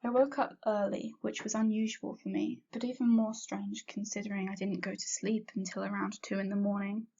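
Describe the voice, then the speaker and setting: A woman reading a first-person fanfiction story aloud in a plain, steady narrating voice, in a dull lo-fi recording. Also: medium pitch, brisk, vocal fry, hardly any pauses, slightly rough. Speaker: fanfiction reader.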